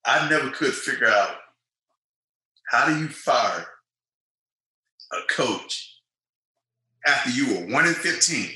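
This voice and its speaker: A man's voice: mid-range voice, takes it slowly, pauses often, roomy sound, rough recording. A man, telling stories as an interview guest and acting out quotes. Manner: animated storyteller, acts out quotes. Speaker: guest, former football player. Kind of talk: storytelling interview.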